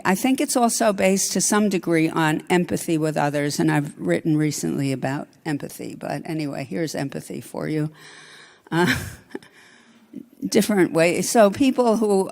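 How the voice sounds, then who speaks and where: Woman academic speaker, gravelly voice, halting and self-correcting, long hall reverb. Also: sits low, darkish tone. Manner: thinking aloud, frequent ums and self-corrections. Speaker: conference speaker. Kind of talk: academic lecture. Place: lecture hall.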